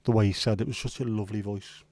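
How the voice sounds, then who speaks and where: A man's voice: on the low side, steady tone, fast talker, darkish tone, dry recording. A man hosting a livestream in casual, rambling chat, blunt and now and then swearing. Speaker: livestream host.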